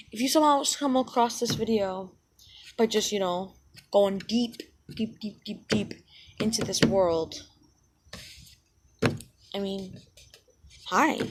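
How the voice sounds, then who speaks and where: A woman's voice: a little high, noisy background. A woman in a casual vlog, rambling and self-deprecating, full of ums and side-tracks, talking into a cheap headset mic. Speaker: channel owner.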